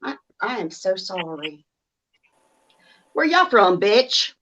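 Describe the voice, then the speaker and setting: A woman's voice: medium pitch, sing-song, slow pace, muffled recording, background noise. A woman voicing a sassy Southern lady with an exaggerated Southern US drawl, sugary then cutting. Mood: mock-sweet. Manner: sweet drawl turning sharp.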